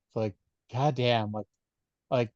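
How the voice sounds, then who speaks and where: A man's voice: mid-range voice, steady tone, slow, a little mellow, dry recording, highs cut off. A man co-hosting a wrestling podcast in casual chat, joking sarcastically and swearing freely. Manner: sarcastic, profane. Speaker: podcast co-host.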